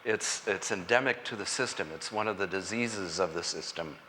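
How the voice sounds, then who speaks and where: A man giving a conference lecture in a college hall, speaking in an earnest, deliberate way with measured emphasis. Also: sits low, sharp tone, a little hiss or hum. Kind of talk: public lecture.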